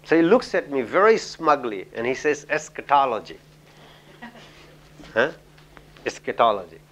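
A male professor with an Indian English accent, speaking in a slightly higher register than most men. He teaches through personal stories in a loose, conversational way. He keeps dropping "you know" and chuckling between points. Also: sing-song, a little slow, fairly bright tone. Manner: chatty storyteller, frequent "you know", chuckles. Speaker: professor giving a lecture. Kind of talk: lecture with anecdotes.

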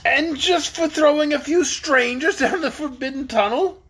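A man's voice: extremely high pitch, normal speed, voice pushed up. A man voicing a cowardly old gnome king from a storybook, blustering and defiant. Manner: shouting, defiant swagger.

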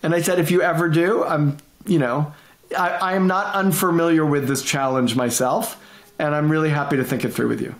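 A middle-aged man, a guest consultant, telling stories in a lively conversational way, acting out quotes and laughing often. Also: fairly high pitch, fairly quick, reverberant. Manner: animated, repeats and restarts, laughs often, acts out quotes. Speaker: guest, management consultant and author. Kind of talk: conversational interview storytelling.

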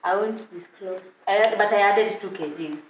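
A woman's voice: mid-range voice, moderate pace, roomy sound, a little hiss or hum, poor audio. A woman in her twenties, a guest in a casual interview, answering in a coy, evasive way. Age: 20s. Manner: coy, evasive, soft-spoken.

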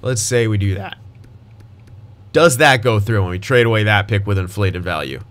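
A man's voice: fairly low pitch, moderate pace, a bit bright. A young man giving casual gameplay commentary as a gaming YouTuber, thinking aloud and restarting his sentences, with hiccups and voice cracks.

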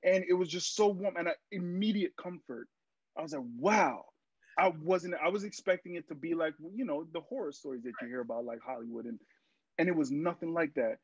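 A young male actor chats as a podcast guest, spinning lively anecdotes and slipping into the voices of people he met. His voice sits a little high for a man. The sound is dry and a bit muffled, like a lo-fi mic. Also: a little fast, breathy edge, no echo. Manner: animated storyteller, acts out quotes, many fillers. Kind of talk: casual interview storytelling.

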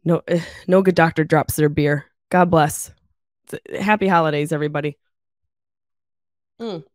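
A woman in her thirties hosting her own podcast with a stuffy nose from a cold, chatting in a lively, swearing, joking way from her mother's house on a travel mic. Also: deep voice, normal speed, dry recording, studio quality. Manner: animated, swearing, laughing storyteller. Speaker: podcast host. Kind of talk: casual solo podcast chat. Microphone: travel mic without pop filter.

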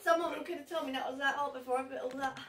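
A woman's voice: sits high, fairly even intonation, very fast, a bit bright. A woman tasting a hot sauce, giggly and apologetic, teary from the heat. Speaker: guest taster. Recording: echoey room, far from mic, noisy.

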